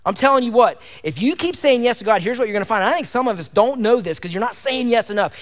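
A male pastor preaching a fervent sermon, firing off repeated rhetorical questions to his congregation. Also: sits high. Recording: long hall reverb.

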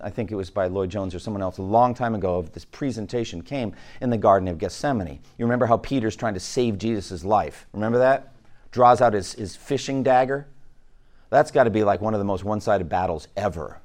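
A male pastor giving a conversational sermon, asking his listeners questions and often restarting his words. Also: medium pitch. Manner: conversational teaching, asks the room questions.

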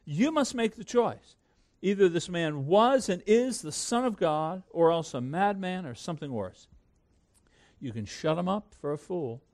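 Man, pastor, sermon, expressive, fairly high voice, emphatic then hushed. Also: a little slow. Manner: swings from loud emphatic peaks to hushed low asides.

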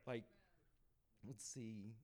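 A man on a panel sharing his evangelism experiences as a lively storytelling testimony, laughing between anecdotes and acting out bits of dialogue. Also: lowish voice. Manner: acts out dialogue in quick asides.

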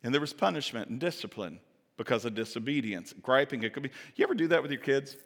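A man preaching a sermon as pastor, telling scripture stories in a chatty, animated way and acting out the voices he quotes. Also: mid-range voice, quick pace. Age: adult parent. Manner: casual, chatty asides to the audience. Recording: reverberant hall.

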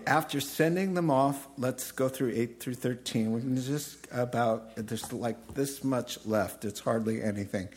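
A man preaching a sermon, telling stories with animated voices and laughter. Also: medium pitch. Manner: animated storytelling, acting out characters with laughs. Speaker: pastor.

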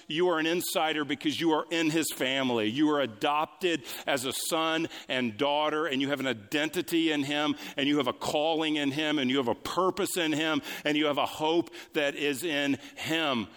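Preaching man in an echoing hall. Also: fairly bright tone. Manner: preaching with sweeping pitch swings, quick asides and repetition. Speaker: pastor. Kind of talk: sermon. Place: church sanctuary. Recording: long reverb of a large hall.

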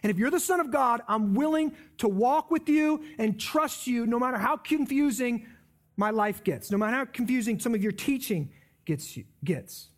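A male pastor with a strikingly high voice delivers a sermon. He is conversational and emphatic, putting scripture into plain, everyday words. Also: animated, normal speed.

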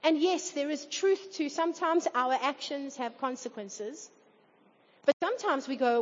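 A woman's voice: sits high, animated, moderate pace. A woman preaching a sermon to a congregation in an earnest tone, sometimes acting out quoted voices. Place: church hall. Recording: dull reverberant hall recording.

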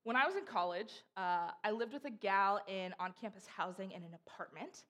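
A woman's voice: medium pitch, moderate pace. Chatty young woman giving a sermon. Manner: chatty and animated, acts out voices in stories. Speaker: preacher. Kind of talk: casual sermon.

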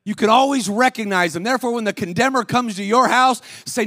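A man preaching as a guest speaker at a church service, calling out to the congregation and rising to shouts. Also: very high voice, brisk, few pauses, no room sound. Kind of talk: sermon. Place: church sanctuary.

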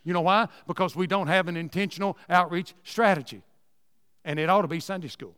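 Man, high voice, folksy Sunday school talk, long reverb from a church hall. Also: brisk, fairly bright tone, clear, resonant tone. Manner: folksy storytelling, repeats words, rising emphatic asides. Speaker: Sunday school teacher and speaker. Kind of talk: folksy Southern Baptist teaching talk.

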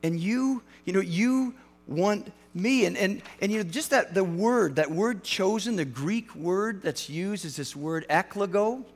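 A male pastor giving a sermon in a casual, animated way, with frequent restarts and fillers. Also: high voice, unhurried, faint music behind. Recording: hall reverb, mains hum.

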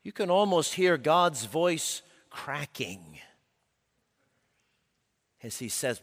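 A male preacher delivers a sermon at a slow, deliberate pace, his slightly high voice ringing with the long reverb of a large hall. He is emphatic and builds his points, then sinks to a hushed intensity. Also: sing-song.

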